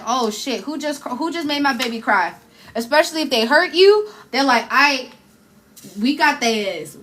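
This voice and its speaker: A woman's voice: high voice, fairly bright tone. A woman, giving an emotional, effusive live tarot reading in casual slang. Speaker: tarot reader. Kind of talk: live spiritual card reading.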